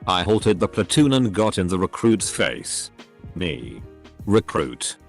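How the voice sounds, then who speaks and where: A man's text-to-speech voice narrating online posts as scripted story readings, with odd phrasing and pauses. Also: on the low side. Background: faint background music.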